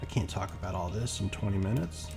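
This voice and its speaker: Man, lowish voice, casual gameplay commentary, chatty, faint music behind. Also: fast, gravelly, darkish tone. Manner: chatty, rambling, acts out quotes. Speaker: gameplay streamer. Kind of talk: casual commentary while playing.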